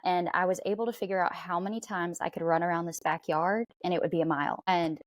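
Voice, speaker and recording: A woman guest on a podcast interview, speaking in a reflective, earnest way with soft fillers. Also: lowish voice, fairly even intonation, quick pace, no echo.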